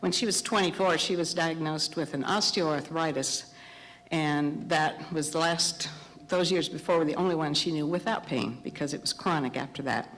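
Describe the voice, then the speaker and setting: A middle-aged woman preaching a sermon, telling a story with animated, acted-out dialogue. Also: sits low, normal speed. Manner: animated storytelling, acting out dialogue in raised voices. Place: church sanctuary. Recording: long hall reverb.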